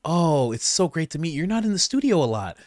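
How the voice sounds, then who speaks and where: A gushing, syrupy woman news colleague, as a man puts her on, with a voice pushed up high and sweet. Her pitch bounces around a lot. The take is dry, with no room sound. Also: sing-song, quick pace, a little mellow, dry recording.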